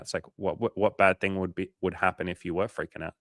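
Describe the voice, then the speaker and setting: A man's voice: sits low, steady tone, fast talker, hardly any pauses, fairly bright tone, dry recording, clean studio sound. A man coaching on a casual livestream, swearing freely and acting out his clients' voices as he answers questions from the chat.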